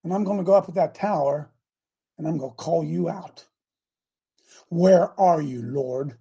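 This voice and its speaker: Gravelly, husky preacher man. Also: fairly high pitch, a little slow. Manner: animated, cries out and breaks into asides. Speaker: radio preacher host. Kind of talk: reading scripture with fiery commentary.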